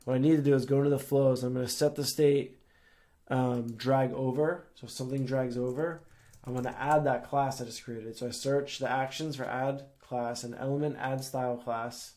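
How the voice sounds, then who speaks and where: A young man talks through a software tutorial while sharing his screen, explaining each step in a loose, conversational way. His pitch sits in an ordinary middle range, and he sprinkles in "like" and "um" as he thinks aloud. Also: steady tone, normal speed. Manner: casual, explains step by step with fillers. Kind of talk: screen-share coding tutorial.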